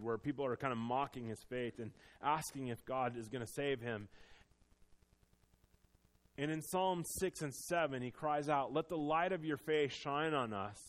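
A man preaching a sermon, earnest and personal, moving between quiet confession and emphatic exhortation. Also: mid-range voice. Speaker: pastor.

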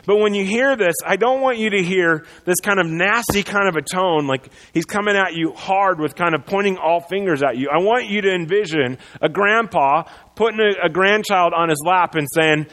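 A man's voice: high voice, moderate pace, few pauses, fairly bright tone, long reverb tail, low-quality recording. A man preaching a sermon as pastor, in a conversational way with many fillers and restarts.

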